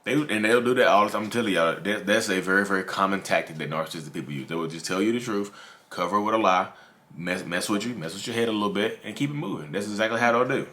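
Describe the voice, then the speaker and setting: Hosting his own YouTube channel, a man discusses narcissism in a fairly low, sharp voice at a quick pace. His casual to-camera talk is repetitive, and he calls his audience "y'all."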